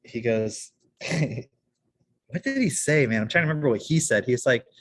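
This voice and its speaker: A man's voice: medium pitch, animated, normal speed. A man chatting casually on a podcast, telling stories in a rambling way with many restarts. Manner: rambling anecdotal storyteller, frequent restarts. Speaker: podcast co-host.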